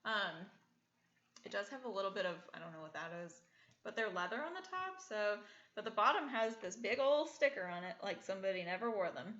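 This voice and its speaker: A young woman in her twenties chats casually through an unboxing. She thinks out loud and fills gaps with ums and likes. Her voice is bright and forceful, and the indoor room gives a noticeable echo. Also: medium pitch, very animated, a little fast. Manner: chatty, thinks aloud with many fillers. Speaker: reseller vlogger. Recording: echoey room, dull lo-fi sound.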